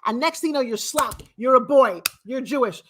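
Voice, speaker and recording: A woman's voice: sits high, lively intonation, moderate pace, noisy background. Blunt, emphatic middle-aged woman. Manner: blunt and emphatic, with sharp swings in loudness. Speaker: guest speaker and mentor. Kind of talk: casual motivational talk.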